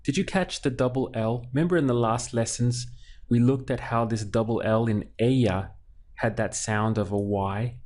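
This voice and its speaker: A man's voice: mid-range voice, normal speed, a little mellow. A man teaching a language lesson, patiently splitting words into syllables and repeating them. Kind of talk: slow, clear language lesson.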